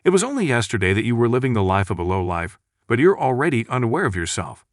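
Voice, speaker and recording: A man's voice: mid-range voice, sing-song, fast talker, dry recording, studio quality, natural voice. A man voicing a scornful spoiled noble sibling.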